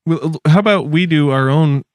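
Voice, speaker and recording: A man co-hosting a podcast in casual chat, laid-back and quick to chuckle. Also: a little high, a little mellow, dry recording, studio quality. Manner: laid-back, chuckles often, acts out quotes. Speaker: podcast co-host.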